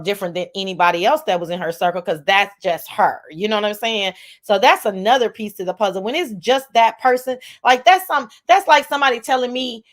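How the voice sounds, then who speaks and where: A woman host with a voice of ordinary middle pitch, riffing in loose, sarcastic chat. She swears freely and talks bluntly, circling back on her points as she goes. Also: a bit bright. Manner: sarcastic and profane. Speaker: show host. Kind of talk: casual commentary chat.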